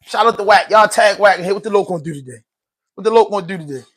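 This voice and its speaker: A man's voice: high-pitched, rapid-fire, fairly bright tone, slight background noise. Man doing a swaggering street guy showing off. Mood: hyped. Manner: repetitive sing-song catchphrase hype. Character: swaggering male street personality showing off his outfit.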